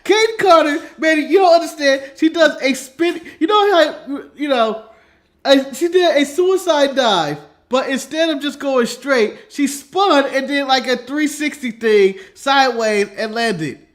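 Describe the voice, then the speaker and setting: A man's voice: very high-pitched, animated, a little slow. A man from the United States, a podcast co-host chatting casually, joking and laughing through his talk. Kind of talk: casual chat.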